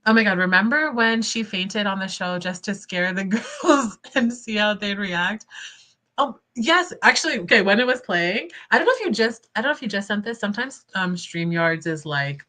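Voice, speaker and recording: A young woman hosting casual livestream commentary, expressive and indignant, laughing often between points. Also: mid-range voice, moderate pace. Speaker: commentary channel host.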